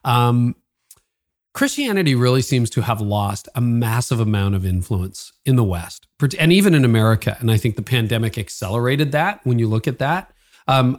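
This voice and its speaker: A man with a Canadian accent hosting a podcast, reading sponsor spots and interviewing a guest in a friendly, animated way. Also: medium pitch, a little fast. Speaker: podcast host. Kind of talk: ad reads and interview.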